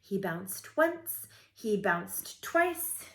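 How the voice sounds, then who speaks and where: A woman teacher reading a children's picture book aloud with expressive, playful storytelling. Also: mid-range voice, extremely slow, few pauses. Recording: roomy echoey room.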